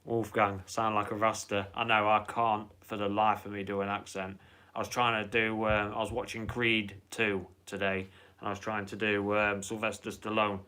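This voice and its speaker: Man, live stream host, low voice, bright tone, rambling, casual, swears. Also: little pitch movement, moderate pace, smooth. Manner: rambling, chatty, swears freely.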